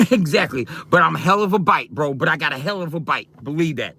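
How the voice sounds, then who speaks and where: A man's voice: a little high, lively intonation, brisk, sharp tone, a little hiss or hum. A man ranting on a livestream, taunting and confronting his viewers directly in a coarse, profane way.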